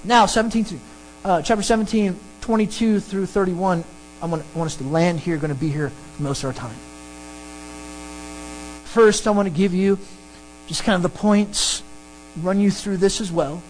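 A pastor preaching a sermon and teaching through a Bible passage, emphatic and animated. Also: moderate pace, pauses often, a little hiss or hum, poor audio. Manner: animated, emphatic preaching with sudden pitch jumps.

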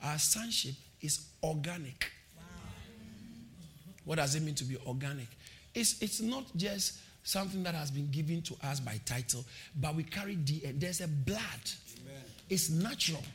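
A man preaches a sermon in a high, sharply bright voice. He exhorts his listeners, repeats key phrases and calls on them to shout back. His pitch swings widely and vividly. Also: a little hiss or hum.

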